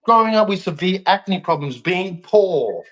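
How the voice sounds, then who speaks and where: A man's voice: high-pitched, lively intonation, a little slow, fairly bright tone. An angry young Australian man in a heated, repetitive rant aimed at a politician. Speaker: vlogger.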